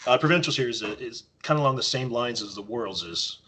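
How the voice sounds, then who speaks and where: A fast-talking Canadian man with a mid-range voice tells casual stories as a podcast guest, performing quoted lines with animation. A little hiss or hum sits in the recording.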